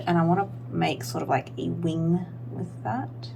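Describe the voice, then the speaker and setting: Gravelly low-voiced woman chatting through makeup. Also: steady tone, a little slow, darkish tone, slight background noise. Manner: rambling, filler-heavy, self-deprecating. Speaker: beauty vlogger. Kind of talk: casual makeup tutorial chat.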